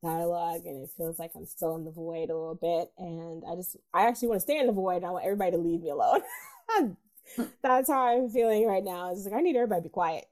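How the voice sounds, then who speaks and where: A woman's voice: on the low side, fast talker, a little mellow. A woman co-hosting a film podcast in casual chat, candid and worn out, swearing casually and laughing often. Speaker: podcast co-host.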